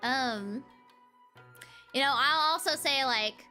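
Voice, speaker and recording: Young woman from the American South, high bright voice, giggly rambling streamer chat over faint music. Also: slow. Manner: giggly, rambling with many fillers and restarts. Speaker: VTuber streamer. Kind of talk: casual chat answering viewers.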